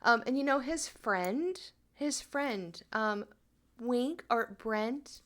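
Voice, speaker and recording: A woman's voice: fairly high pitch, lively intonation, takes it slowly, fairly bright tone. A woman voicing a sugary, scheming lady who offers brownies as a bribe, in improvised tabletop role-play, talking in an overly sweet and hesitant way.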